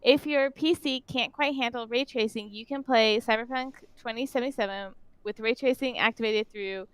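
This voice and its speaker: Podcast co-host, woman, crisp bright tone, reads news loosely and fumbles words. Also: on the high side, normal speed, no echo, rough recording. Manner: stumbles and trips over words while reading. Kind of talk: casual chat, reading gaming news aloud.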